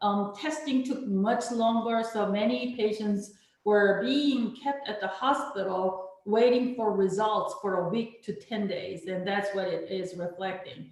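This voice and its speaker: A woman's voice: mid-range voice, moderate pace, a little mellow. Woman exec presenting hospital figures; echoey room sound. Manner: explanatory, walks through slides. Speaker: hospital executive. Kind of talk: presentation on a video call.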